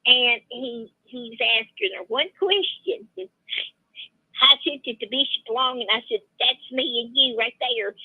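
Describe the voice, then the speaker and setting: A woman's voice: high-pitched, breathy edge, dry recording. A woman calling into a show for a casual chat, giggling and stumbling over her words. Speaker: caller. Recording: tinny phone line.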